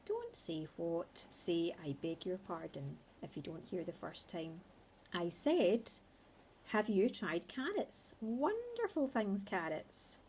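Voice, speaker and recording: A woman's voice: on the low side, lively intonation, takes it slowly, darkish tone, slight background noise. Woman doing a prim, fussy old lady. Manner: prim and scolding, rather posh.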